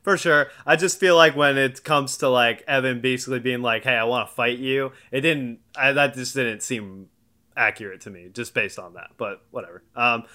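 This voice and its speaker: A man in his twenties co-hosting a casual reality-show recap, animated and laughing as he acts out quotes. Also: mid-range voice, normal speed. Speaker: podcast co-host.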